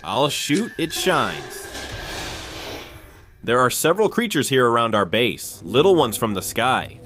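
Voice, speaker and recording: Excitable man narrating a survival game. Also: medium pitch, a little slow, faint music behind. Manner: excitable, jumpy play-by-play. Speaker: gaming channel host. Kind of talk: Minecraft survival commentary.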